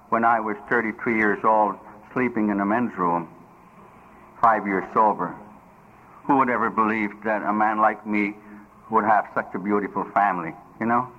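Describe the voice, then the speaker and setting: A man's voice: fairly low pitch, fairly even intonation, normal speed. An older man telling his personal story at a recovery meeting, humorous and plain-spoken with broken grammar. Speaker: recovery speaker. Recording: dull lo-fi recording with faint noise.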